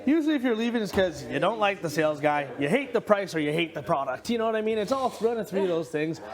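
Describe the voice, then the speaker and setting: Animated high-voiced man telling stories. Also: fast, crowd noise. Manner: animated, swearing, acting out quotes with laughter. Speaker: reality show houseguest. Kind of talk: casual storytelling.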